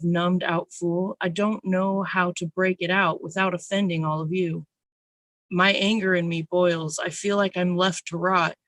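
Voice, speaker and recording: A nervous open mic poet giving an intense, raw spoken word reading, slowing down on emphatic phrases. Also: mid-range voice, a bit bright, no room sound. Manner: nervous, first time reading for strangers.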